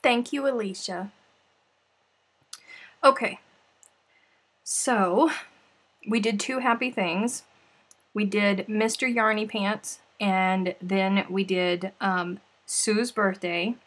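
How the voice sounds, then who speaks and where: A woman's voice: medium pitch, steady tone, takes it slowly, long pauses, a bit bright. A woman hosting a casual crafting livestream, chatty and playful, often sighing and laughing between remarks. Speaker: livestream host.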